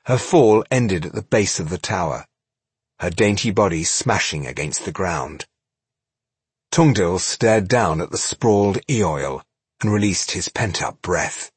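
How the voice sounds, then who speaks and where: A male audiobook narrator with a low, husky voice. He reads with measured drama and a lively rise and fall. The recording is dry and close. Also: no echo. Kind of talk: scripted narration.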